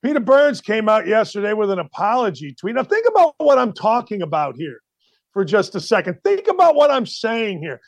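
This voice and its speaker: A male show host giving ranting sports commentary, loud, exasperated and often shouting. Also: high voice, very animated, a little fast, dry recording.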